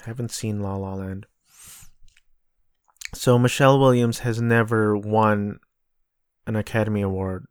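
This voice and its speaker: A man's voice: on the low side, steady tone, a little slow, pauses often, clean tone, no room sound, studio quality. An American man rambling through casual solo commentary, a bit profane, looking things up aloud as he goes. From United States. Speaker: podcast host.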